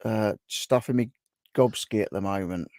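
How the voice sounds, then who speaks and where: A man's voice: on the low side, normal speed, a little mellow, no echo, studio quality. A man from England hosting a casual live stream chat, greeting viewers by name in a chatty way. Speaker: livestream host.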